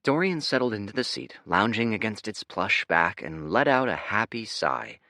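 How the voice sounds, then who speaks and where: Male audiobook narrator, low voice, animated delivery, dry close sound. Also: moderate pace, no room sound. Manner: expressive, switching character voices. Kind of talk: scripted narration.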